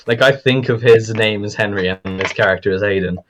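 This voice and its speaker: A man's voice: lowish voice, fairly quick, fairly bright tone, highs cut off, a little hiss or hum. Young man running a tabletop game. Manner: rambling with many fillers and laughs. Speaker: game master.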